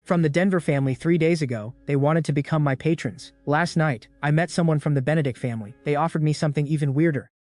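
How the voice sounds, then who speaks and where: A proud young nobleman, as a man reading a story puts him on, speaks calmly and dismissively. His voice sits fairly high. The recording is dry and close. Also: fast, hardly any pauses, no room sound, lightly acted. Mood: cool, dismissive.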